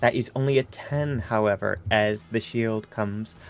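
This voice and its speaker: A man's voice: lowish voice, measured pace, faint music behind. A man playing a tabletop game in casual chat, polite and easygoing. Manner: polite, keeps saying lovely. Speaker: player.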